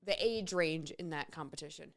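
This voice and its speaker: Female co-host for casual morning banter, playful and quick, low-pitched. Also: a bit bright. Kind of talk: casual radio show banter.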